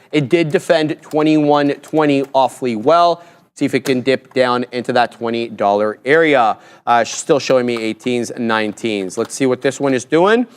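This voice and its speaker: Guy mumbling through his trades live, normal pitch, chatty. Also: smooth. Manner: muttering running commentary while placing trades. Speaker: day trader on live stream. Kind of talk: live trading commentary.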